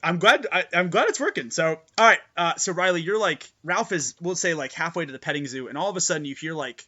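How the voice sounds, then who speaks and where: Bright, excitable male game master. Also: on the high side, quick pace, muffled recording. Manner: excitable, gushing, many fillers. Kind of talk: narrating a tabletop game.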